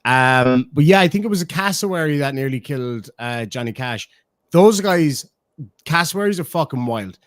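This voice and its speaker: A man's voice: fairly high pitch, expressive, moderate pace, dry recording. Swearing Irish man streaming. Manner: heavy swearing, laughing, chatty. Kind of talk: casual stream commentary on clips.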